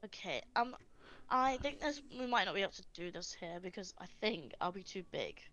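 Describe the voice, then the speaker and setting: A woman's voice: medium pitch, lively intonation, brisk, a bit bright. A woman playing a tabletop game, chatting casually. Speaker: player.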